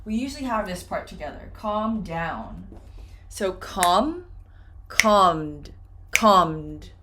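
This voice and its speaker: Slow, lively woman teaching pronunciation. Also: on the low side, slight background noise. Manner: repeats words slowly and clearly for learners. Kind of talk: slow, deliberate pronunciation lesson.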